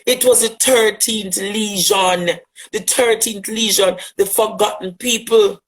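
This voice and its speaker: A man's voice: sits high, steady tone, takes it slowly, low-quality recording. Fiery Jamaican man in a rant. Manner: fiery, rhetorical, repeats phrases for emphasis. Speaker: LGBTQ advocate. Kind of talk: impassioned monologue addressing a critic.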